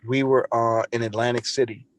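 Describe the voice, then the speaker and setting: Earnest and conversational, this podcast guest recounts a personal story, often going back to restart or repeat his phrases. He speaks fairly quickly with a medium-pitched voice and a flat delivery.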